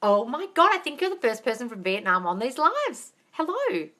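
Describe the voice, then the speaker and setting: A woman's voice: a little high, wildly swooping pitch, moderate pace, bright, forceful tone. A woman hosting a live-stream Q&A as a manifestation coach on a phone. She talks chattily and emphatically, calls her viewers darling and laughs often.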